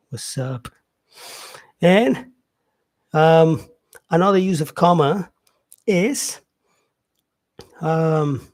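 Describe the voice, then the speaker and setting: Male English teacher, slightly higher pitch, relaxed and repetitive explainer. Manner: repeats example sentences, frequent "yeah" and "um" fillers. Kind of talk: casual spoken lesson.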